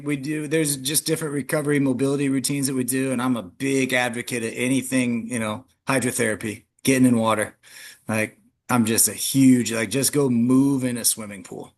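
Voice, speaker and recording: A man who coaches track and field, answering interview questions in a loose, conversational way, often restarting his sentences. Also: moderate pace. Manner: animated, frequent restarts, jumps in pitch when emphatic.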